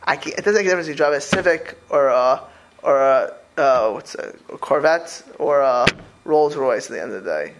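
A man's voice: mid-range voice, lively intonation, a little fast, noisy background. A man giving an informal religious talk to a small group. He rambles with many restarts and mixes Hebrew and Yiddish terms into his speech. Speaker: religious teacher.

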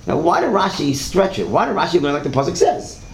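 A man's voice: a little high, sing-song, fairly quick. A man teaching a Torah class, telling stories in a conversational way and asking the class questions. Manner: conversational, repeats words, asks the class questions. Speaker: religious teacher. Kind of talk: Torah class lecture with storytelling. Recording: echoey room, faint background hiss.

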